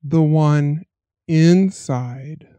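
Creepy black-eyed boy, a woman doing the voice, dark and drawn-out, muffled lo-fi sound; storybook horror. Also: low-pitched, dry recording, pitched below the performer's own voice. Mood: eerie calm. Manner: slow, smooth, dreamy menace. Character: eerie black-eyed boy, calm and menacing.

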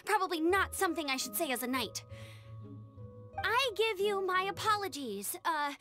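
A woman's voice: extremely high pitch, lively intonation, normal speed, sharp tone, heavily acted. A woman voicing an earnest, eager young scout knight who speaks formally and a bit suspiciously, in game voice acting. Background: game music.

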